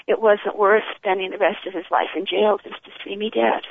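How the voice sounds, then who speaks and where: An older woman, an author, telling her life story in an interview, animated and often laughing as she acts out the people in it. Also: medium pitch, moderate pace, vocal fry, dry recording. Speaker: author and guest. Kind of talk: emotional personal storytelling. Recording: tinny phone line.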